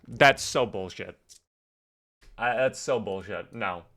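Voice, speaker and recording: A man's voice: medium pitch, measured pace, a bit bright. A young man giving casual, swear-heavy commentary while playing a video game. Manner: swears a lot, rants when angry. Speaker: gaming streamer.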